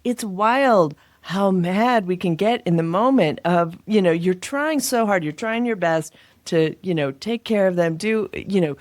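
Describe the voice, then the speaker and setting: A woman's voice: mid-range voice, a little slow, dry recording. A woman hosting a podcast, affirming her guest, laughing often, and saying how much she relates. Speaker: podcast host. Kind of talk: casual podcast chat.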